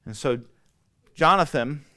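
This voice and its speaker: A male pastor leading a Bible study, retelling the story in a relaxed, conversational way and acting out bits of dialogue. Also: a little high, slow pace.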